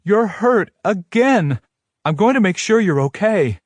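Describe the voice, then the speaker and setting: A man's voice: lively intonation, a little slow, no echo. A man voicing a distraught young woman pleading. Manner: high, urgent pleading.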